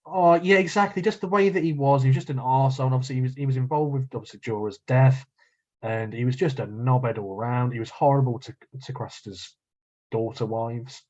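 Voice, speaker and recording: A man's voice: medium pitch, a little fast, a little mellow. Laughing man, lo-fi sound. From English Midlands. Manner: laughs often, swears casually. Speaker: podcast co-host. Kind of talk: casual chat. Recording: dull lo-fi recording.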